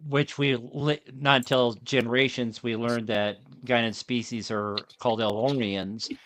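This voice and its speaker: A man's voice: mid-range voice, steady tone, unhurried, fairly bright tone, no echo. A man hosting a casual podcast chat over a video call. He rambles and often restarts his sentences. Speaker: podcast host.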